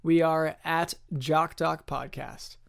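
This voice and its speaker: A man's voice: fairly high pitch, flat delivery, slow, creaky, a bit bright, clean tone. A man hosting a podcast, chatting playfully and reading a jokey scripted outro. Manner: playful, wraps up with thank-yous. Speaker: podcast host. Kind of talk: casual chat and scripted outro narration.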